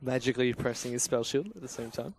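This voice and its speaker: A man giving rapid, excitable play-by-play commentary on an esports match. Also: medium pitch, vocal fry. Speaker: esports caster.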